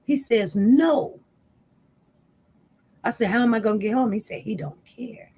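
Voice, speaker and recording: A woman's voice: mid-range voice, fast talker, breathy edge. Woman rambling thru a storytime to her viewers, does everyone's voices. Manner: chatty, animated retelling with quoted voices. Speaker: channel host.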